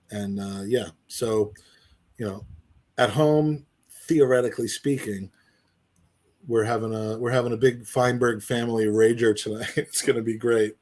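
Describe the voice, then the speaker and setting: A middle-aged man talking casually on a podcast at an ordinary pitch. He rambles earnestly and trips over his own restarts as he thinks aloud. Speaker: podcast co-host. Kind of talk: casual chat.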